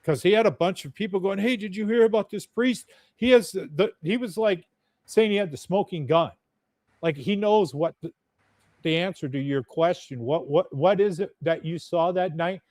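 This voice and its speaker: A man's voice: on the high side, moderate pace, a little mellow, no echo, clean studio sound. A man telling a story as a podcast guest in a blunt, chatty, profane way. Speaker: podcast guest, UFO videographer. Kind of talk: casual storytelling.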